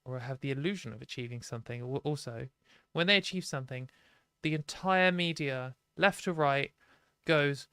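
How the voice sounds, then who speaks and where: Chatty British woman with a smooth voice. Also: extremely low pitch, fairly bright tone, no room sound, clean studio sound. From Britain. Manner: chatty, frank, with frequent "like" and quick laughs. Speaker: live stream host. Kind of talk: casual live stream commentary.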